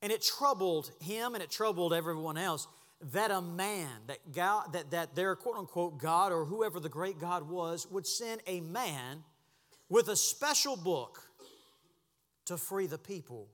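High-voiced preacher in a reverberant hall. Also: male voice, expressive, a little slow. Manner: impassioned, swings from hushed to shouting. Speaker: pastor. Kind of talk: sermon. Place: church sanctuary.

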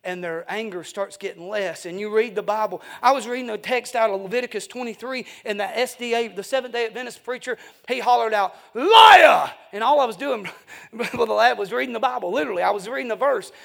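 High, gravelly-voiced fervent evangelist man. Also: quick pace. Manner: fervent, emphatic preaching with folksy asides. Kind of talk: evening revival sermon.

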